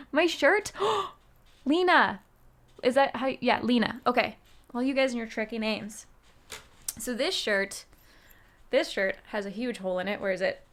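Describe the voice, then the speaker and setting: With a fairly high, animated voice, this US-based musician streamer talks at a measured pace with long pauses. She rambles casually with viewers, answering chat and dropping many "um"s and "like"s.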